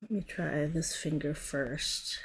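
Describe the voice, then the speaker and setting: Woman, nail tutorial, slightly lower voice, chatty, self-correcting, talks through her work. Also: slow, husky. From United States. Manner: chatty, narrates her hands as she works; often trails off and self-corrects. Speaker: nail product stylist. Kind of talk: casual nail tutorial demo.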